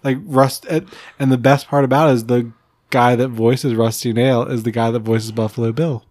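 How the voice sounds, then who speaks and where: A man co-hosting a casual podcast, bantering and arguing his picks with easy, cheeky swearing. His voice sits at a middling pitch and comes through dry and close, with no room sound around it. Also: fairly even intonation, normal speed, darkish tone, no echo. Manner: playful, argumentative, swears casually. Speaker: podcast co-host. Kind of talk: casual chat.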